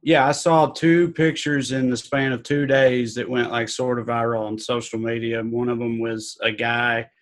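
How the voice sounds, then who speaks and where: A man in casual podcast chat, telling stories in an animated way with many fillers. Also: mid-range voice, normal speed, hardly any pauses.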